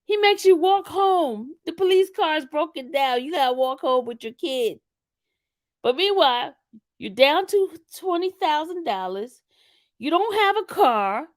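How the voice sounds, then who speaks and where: A high-pitched woman talks straight to her viewers, keeping it loose and chatty. She is animated, laughs a lot and keeps calling the audience y'all. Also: unhurried. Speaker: commentary channel host. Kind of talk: casual commentary to viewers.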